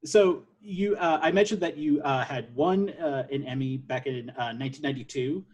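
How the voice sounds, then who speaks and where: A man interviewing a guest in a halting way, with many fillers. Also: mid-range voice, a little mellow, husky. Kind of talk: casual interview.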